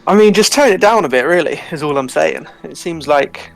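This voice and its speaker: A man's voice: fairly high pitch, animated, fairly quick, vocal fry, soft background music. A man voicing a wry adventurer who scolds a crewmate, with a dry, reproachful manner.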